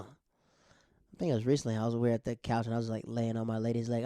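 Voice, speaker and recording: A man's voice: mid-range voice, flat delivery, fast talker, warm tone, clear, resonant tone, no room sound. A man with a mid-range voice tells family stories in a loose, casual monologue, chuckling as he goes. The recording is dry and close, with no room sound. He talks like a stand-up comic. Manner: laughs often while telling, acts out family members' voices. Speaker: stand-up comedian, podcast host.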